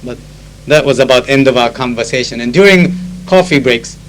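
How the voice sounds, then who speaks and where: On a rough recording from an old humming tape, a conference interpreter with a Japanese accent speaks fairly quickly in a medium-pitched, slightly bright voice. His spoken diary wanders through anecdotes full of fillers, with turns into Japanese to explain phrases.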